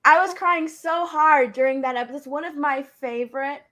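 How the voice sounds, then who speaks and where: A woman with a high, light voice chatting casually. She gushes about favorite scenes and slips into quick acted-out lines as she remembers them. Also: pushed and bright. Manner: gushing, quotes scenes in little acted lines. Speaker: podcast co-host. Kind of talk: casual chat.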